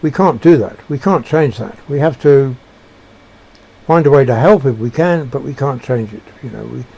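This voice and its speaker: A man giving a reflective monologue, halting and searching for words with frequent restarts. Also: medium pitch, creaky, warm tone, breathy edge, highs cut off. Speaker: speaker sharing personal beliefs.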